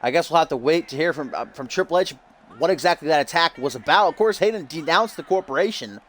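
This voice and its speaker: A man's voice: on the high side, expressive, fast, fairly bright tone, slight background noise. A man streaming a game, giving hyped-up, loose wrestling-show commentary full of casual asides. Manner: upbeat hype, loose and casual with frequent "uh".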